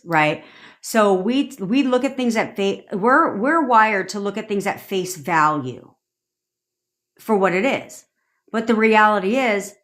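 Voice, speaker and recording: A young adult woman coaching viewers in a casual livestream rant, blunt and profane, acting out the thoughts she quotes. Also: mid-range voice. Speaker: manifestation coach.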